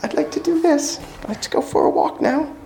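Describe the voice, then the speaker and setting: Quick bit: a man playing a frail, chirpy old man with a put-on British accent, pitched way up, echoing room. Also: vocal fry, noisy background. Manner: squeaky, chirpy and insistent. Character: frail old man insisting he is not dead.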